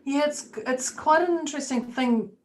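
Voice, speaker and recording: A woman's voice: high-pitched, normal speed, slight background noise. A woman co-hosting a talk podcast, chatting casually and acting out the voices of people in her story. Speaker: podcast co-host. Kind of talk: casual chat.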